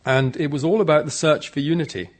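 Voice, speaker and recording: A man's voice: a little high, fairly even intonation, quick pace. A man giving an informal, good-humored conference talk, chatting directly with the audience. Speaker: conference speaker.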